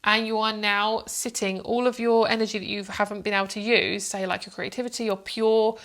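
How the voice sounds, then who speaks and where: A woman's voice: medium pitch, level tone, a little fast, a bit bright. A woman giving a casual tarot reading to camera, chatty and motherly, speaking to viewers as "my love" and often rambling and restarting her sentences. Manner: rambling, with many fillers and restarts. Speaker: psychic tarot reader.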